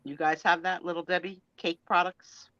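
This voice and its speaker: A woman hosting a live sale stream with a bright, forceful tone. She chats casually, gushing and teasing her co-hosts. The audio is dry, dull and lo-fi. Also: on the low side, flat delivery, normal speed, dry recording. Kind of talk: casual livestream chat.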